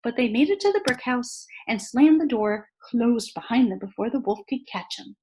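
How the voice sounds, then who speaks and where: A woman reading a children's story aloud with expressive, animated storytelling during a worship service. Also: on the high side, normal speed, a little hiss or hum. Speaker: worship leader. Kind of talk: story read-aloud in a sermon.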